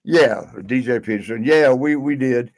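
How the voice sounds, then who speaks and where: A man's voice: mid-range voice, normal speed, darkish tone, no echo, rough recording. A man telling a long road story in casual podcast chat, rambling with many fillers. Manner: rambling, lots of fillers and laughs. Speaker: podcast guest.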